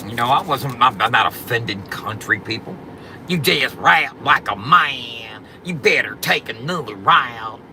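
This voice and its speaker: A man talks casually to his livestream audience, bragging about how funny he is and cussing freely. His delivery is loose and drawling, full of repeated filler phrases, and his voice sits in a middle pitch. Clear vehicle and ambient noise runs behind him. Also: lively intonation, unhurried, bright, forceful tone, poor audio. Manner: boastful, profane, joking banter with chat; drawling, repeats "you know what I'm saying". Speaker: livestream host.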